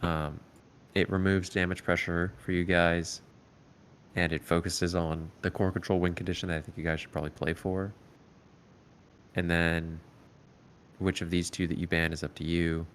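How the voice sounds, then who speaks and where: A man coaching a competitive team over voice chat, giving calm, step-by-step strategy advice with frequent "um"s. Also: sits low, moderate pace, pauses often, a little hiss or hum. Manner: calm, explanatory, filler-heavy advice. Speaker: esports coach.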